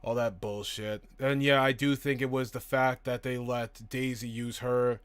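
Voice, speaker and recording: A man's voice: mid-range voice, little pitch movement, a little slow, clean tone, dry recording. A man hosting a casual live stream, reading out and answering chat questions in a chatty, profane way, laughing easily.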